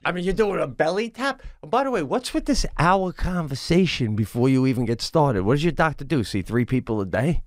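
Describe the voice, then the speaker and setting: A man's voice: on the high side, animated, a little fast, few pauses, dry recording. A man co-hosting a podcast in casual chat, ranting emphatically and incredulously, swearing and laughing. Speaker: podcast co-host.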